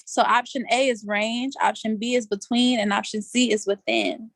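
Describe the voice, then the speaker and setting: A woman runs a casual live online quiz over a video call from outdoors, chatty and playful, laughing often and using loose colloquial slang. Her voice is fairly high with fairly even intonation at a moderate pace. The recording is dry.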